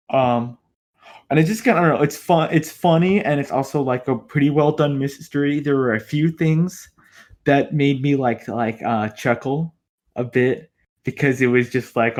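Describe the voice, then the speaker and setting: Rambling man, podcast co-host, mid-pitched voice, casual chat, lots of filler words. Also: a little mellow.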